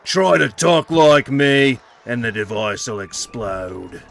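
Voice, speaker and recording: A man voicing a threatening male game announcer in a slow, theatrical mock Australian accent. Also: medium pitch, animated, vocal fry, fairly bright tone, faint music behind, full character voice. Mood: mock menace.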